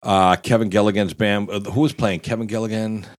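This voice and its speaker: A man's voice: on the low side, a little fast. A middle-aged man with a Boston accent telling a rowdy story on a podcast, swearing, laughing and acting out the voices. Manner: animated storyteller, acts out quotes, laughs often. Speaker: podcast host. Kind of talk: casual storytelling with profanity.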